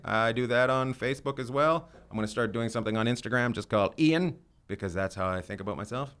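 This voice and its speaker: A man's voice: mid-range voice, fast, hardly any pauses, fairly bright tone, smooth. A middle-aged man hosting a podcast, chatting in a rambling, joking, self-deprecating way. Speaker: podcast host. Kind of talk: casual chat.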